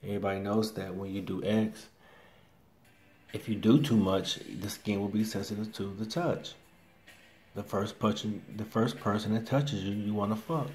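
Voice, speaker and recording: A man telling a story to the camera in a casual, excitable way, repeating his exclamations. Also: lowish voice, moderate pace.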